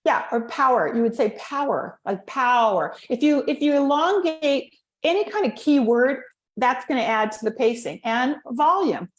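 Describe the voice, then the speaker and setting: A woman's voice: high-pitched, normal speed, echoey room. A woman voice coach chatting casually and acting out vocal techniques as she explains them. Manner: animated, demonstrates vocal techniques. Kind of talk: casual chat.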